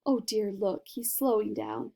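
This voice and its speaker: A woman's voice: medium pitch, unhurried, gravelly, dark tone. A woman reading a storybook aloud and voicing a young boy who speaks in an earnest, worried way.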